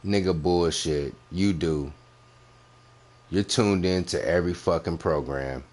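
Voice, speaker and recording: A man's voice: low voice, a little slow, a little mellow. A man hosting a reaction commentary, bluntly and mockingly picking apart a clip, repeating his points for emphasis. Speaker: commentary host reviewing clips.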